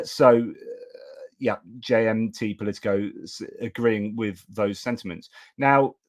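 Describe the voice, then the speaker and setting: A British man hosting a live stream, talking in a rambling, self-correcting way with lots of restarts. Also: mid-range voice. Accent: British English. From United Kingdom. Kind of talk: casual live-stream commentary.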